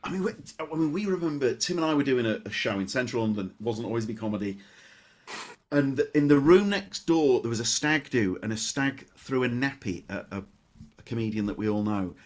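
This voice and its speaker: A man's voice: medium pitch, a little fast. A middle-aged man hosting a comedy podcast, chatting casually with frequent restarts. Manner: chatty, lively, with hesitant restarts. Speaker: podcast host.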